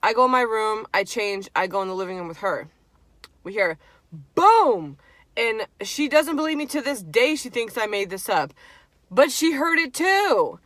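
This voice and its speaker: A young woman vlogger telling a spooky story in casual chat, animated and swearing freely. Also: fairly high pitch, normal speed, no room sound. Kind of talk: casual storytime while eating.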